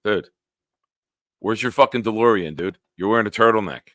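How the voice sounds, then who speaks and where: A man's voice: lowish voice, normal speed, fairly bright tone, no room sound, clean studio sound. A man hosting a casual live-stream sports talk show, ranting with lots of profanity and answering chat comments.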